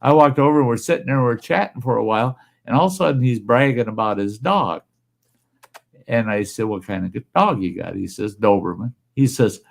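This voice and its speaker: A man's voice: lowish voice, moderate pace, vocal fry. A man telling a folksy tale in casual chat, acting out the voices of the people in his stories.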